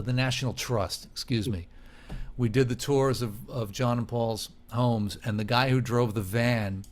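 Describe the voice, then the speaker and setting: A man in casual conversation on a podcast, telling lively stories and acting out the people in them. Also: mid-range voice. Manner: animated storyteller who acts out quoted voices. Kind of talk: casual chat.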